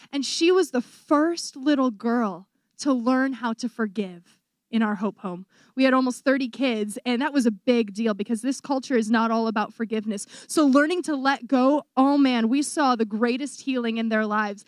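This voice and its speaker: A young woman with a bright, high voice, caught close and dry with no room sound. She tells her missionary testimony to a church crowd in an animated storytelling way. She slips into the voices of the people she quotes. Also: moderate pace, dry recording. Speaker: missionary speaker. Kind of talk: testimony talk to a church audience.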